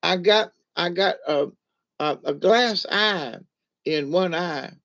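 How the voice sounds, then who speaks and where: A man's voice: sits high, takes it slowly, fairly bright tone, pitched above the performer's own voice, heavily acted. A man voicing a crotchety old granny who runs a cathouse, in a folksy drawl. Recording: lo-fi recording.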